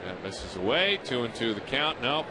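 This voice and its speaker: A man calling a baseball game play by play, talkative and teasing, with playful asides between pitches. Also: sing-song, normal speed, background noise. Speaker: play-by-play announcer. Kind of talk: live baseball commentary.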